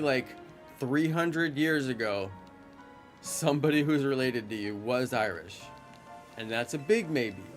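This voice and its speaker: A man from the United States talking casually on a live stream, rambling with lots of fillers and answering viewers' chat. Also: mid-range voice. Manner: rambling, heavy on fillers like "you know" and "like".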